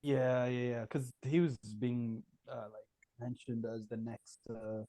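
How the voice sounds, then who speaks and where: Hesitant male podcast guest; mellow tone, dry recording. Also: mid-range voice, little pitch movement, measured pace, no echo. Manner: hesitant, questioning. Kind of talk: casual sports chat.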